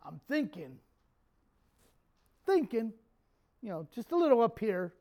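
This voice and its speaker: A male pastor preaching a sermon to his church, animated, swinging from quiet jokey asides to loud shouts. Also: extremely high pitch, a little slow.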